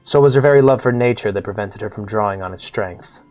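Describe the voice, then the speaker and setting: A man voicing a calm, wise elderly male guildmaster, speaking slowly and formally while reading game dialogue aloud. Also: lowish voice, soft background music, close to an everyday voice. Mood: gentle, solemn. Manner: slow, formal, solemn speech.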